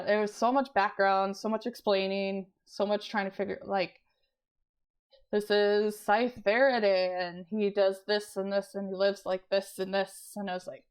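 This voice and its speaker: A young woman chatting casually about books she has read, laughing often and clearing her throat as she loses her voice. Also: medium pitch. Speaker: book vlogger. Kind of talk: casual book review chat.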